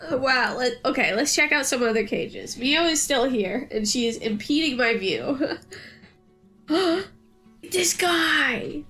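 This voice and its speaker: A woman streams a game and chats casually, slipping into gushing baby-talk and frequent laughter. Her voice sits high and she drags her words out very slowly. Faint game music plays behind her. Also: animated, fairly bright tone.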